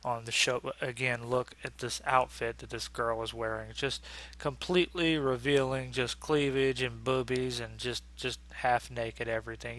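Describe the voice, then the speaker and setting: A man's voice: mid-range voice, sharp tone. A man giving a casual ranting review in a crude, sarcastic, exasperated way.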